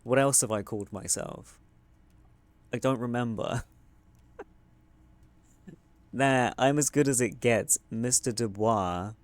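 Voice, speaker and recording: A man streaming a video game, chatting casually, joking and reading dialogue options aloud with sudden excited outbursts. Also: mid-range voice, slow pace, pauses often, no room sound. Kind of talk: casual gameplay commentary.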